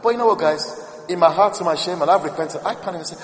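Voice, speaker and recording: High-voiced male preacher, echoey hall. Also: quick pace. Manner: conversational, with asides to the congregation. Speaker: minister. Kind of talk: sermon. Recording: echoey hall with long reverb.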